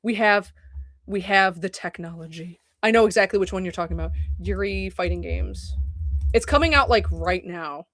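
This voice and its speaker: A woman's voice: medium pitch, normal speed. A young woman streamer chatting casually at her computer, rambling and swearing as she talks. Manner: rambling, profane and animated. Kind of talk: casual chat. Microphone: desk mic at a computer.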